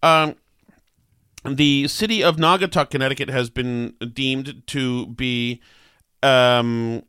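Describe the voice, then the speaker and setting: A man's voice: mid-range voice, steady tone, slow pace, sharp tone, clear, resonant tone, no room sound, studio quality. A man hosting a talk show with a New England accent, rambling and sarcastic with many fillers. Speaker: talk radio host. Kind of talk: opinionated casual talk.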